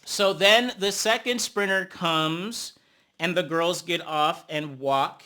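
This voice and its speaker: Male reality-show recapper, sassy and excitable, slightly high and bright voice. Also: slow. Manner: sassy, excitable, peppered with "honey" and "child"; breaks into gasps and cheers at fights. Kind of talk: casual episode recap commentary.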